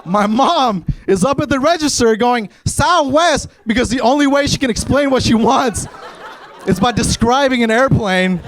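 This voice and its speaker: A man from Kentucky telling stand-up stories on stage to a live audience, with an animated, punchy, conversational delivery into a handheld mic. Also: very high-pitched, normal speed. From Kentucky, USA. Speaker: stand-up comedian. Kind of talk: stand-up comedy storytelling.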